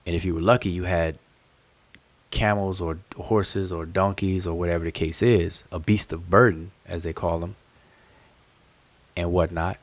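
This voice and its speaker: Low-voiced man teaching on a livestream. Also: fairly even intonation, normal speed, pauses often, dry recording. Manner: patient, explanatory, repeats key words and addresses the chat directly. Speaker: host teaching hieroglyphic writing. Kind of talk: livestream lesson explaining inscriptions.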